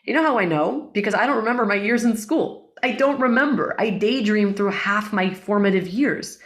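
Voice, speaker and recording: A woman guest in an interview, a breathwork facilitator explaining things in a calm, unhurried way. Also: medium pitch. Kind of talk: interview conversation.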